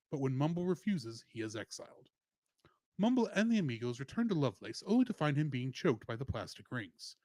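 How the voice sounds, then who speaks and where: A man's voice: medium pitch, dry recording. A man co-hosting a podcast, reading a plot summary and film trivia with playful asides. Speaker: podcast co-host.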